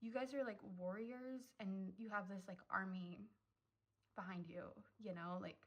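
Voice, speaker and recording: A young woman talks straight to her viewers through a tarot reading, loose and gushing, with plenty of "um" and "like" between thoughts. Her voice sits at an ordinary middle pitch for a woman, and she sounds moved and excited by what she describes. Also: a little slow, poor audio. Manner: chatty, full of "um" and "like", emotional and effusive. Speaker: tarot reader. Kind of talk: casual pick-a-card tarot reading.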